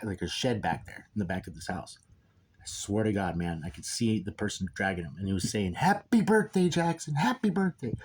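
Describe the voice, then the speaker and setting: A father tells a personal story in a casual spoken monologue, with a low, somewhat dark-toned voice. He rambles emphatically, repeatedly saying "okay?" and "dude."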